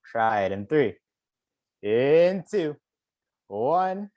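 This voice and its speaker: A man's voice: lowish voice, normal speed, pauses often, a little mellow, dry recording, clean studio sound. A man, a poet, leading a virtual workshop for teachers over a video call, encouraging them and counting beats aloud.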